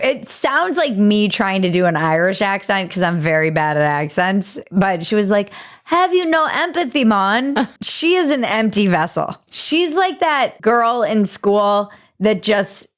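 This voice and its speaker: A woman's voice: medium pitch, sing-song, unhurried, few pauses. Woman, podcast host, sarcastic riffing, casual comedy talk.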